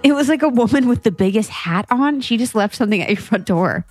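A woman's voice: on the high side, animated, fast talker, faint music behind. A woman in her thirties co-hosting a podcast, chatting casually, swearing and laughing often. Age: 30s. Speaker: podcast co-host. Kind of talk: casual chat.

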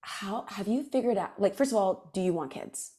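Expressive woman host with lively pitch. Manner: expressive, quick reactions, laughs often. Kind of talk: casual chat.

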